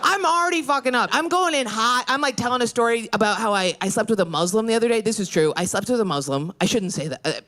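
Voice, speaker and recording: A woman from New York state doing a stand-up comedy set in a brash, crude, self-deprecating way. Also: mid-range voice. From New York state, USA. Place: comedy stage.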